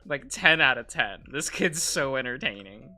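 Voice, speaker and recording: A man's voice: mid-range voice, lively intonation, normal speed, bright, forceful tone, faint music behind. A male streamer chatting casually and rambling with frequent laughs while he draws.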